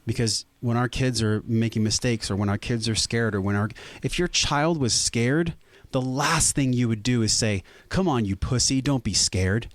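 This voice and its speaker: A man's voice: mid-range voice, normal speed, no room sound. A man speaking as a podcast guest, earnest and intense, swearing for emphasis in emotional conversation.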